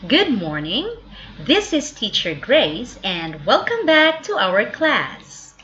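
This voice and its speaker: Woman, teacher, children's vocabulary lesson, very slow, lively pitch, spells words aloud. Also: muffled recording.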